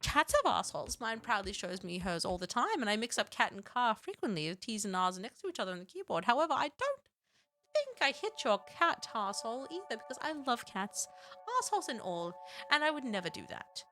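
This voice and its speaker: A woman's voice: fairly high pitch, very animated, a little fast, bright, forceful tone, soft background music. A woman voicing a prim, sarcastic letter writer in a mock-polite, arch dramatic reading. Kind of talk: dramatic reading of an online post.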